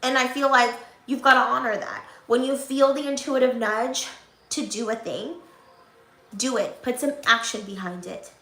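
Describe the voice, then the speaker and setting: A woman's voice: on the high side, fairly even intonation, moderate pace, fairly bright tone, roomy sound. A young woman vlogger talking to her viewers in an upbeat, encouraging, preachy way. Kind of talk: motivational vlog talk.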